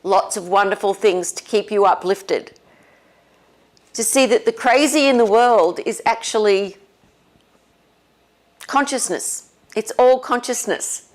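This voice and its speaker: A woman spiritual teacher talking casually and leading a guided meditation, relaxed and often laughing. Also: medium pitch. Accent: non-American English. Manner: slow, relaxed, with frequent laughs.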